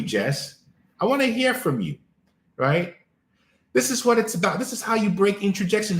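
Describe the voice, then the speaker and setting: A man's voice: high voice, sing-song, moderate pace, pauses often, a bit bright, roomy sound, slight background noise. A man hosting a live coaching stream, talking emphatically to listeners and repeating his key phrases.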